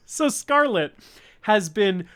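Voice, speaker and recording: A man with a slightly raised pitch, co-hosting a casual movie podcast. He recaps scenes in loose, profane banter and breaks into giggles easily. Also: bright, forceful tone, clean tone. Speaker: podcast co-host. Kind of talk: casual movie-review chat.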